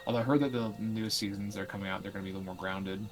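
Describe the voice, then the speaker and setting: A man's voice: lowish voice, steady tone, rapid-fire, faint music behind, poor audio. A young adult man chatting casually while playing a game, rambling and opinionated with lots of filler words. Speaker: co-host of a let's play stream. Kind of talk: casual chat while gaming.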